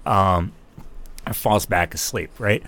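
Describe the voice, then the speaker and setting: Low-voiced man telling a rambling story. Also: slow, a bit bright, no room sound. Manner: rambling, lots of fillers and restarts. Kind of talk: casual storytelling chat.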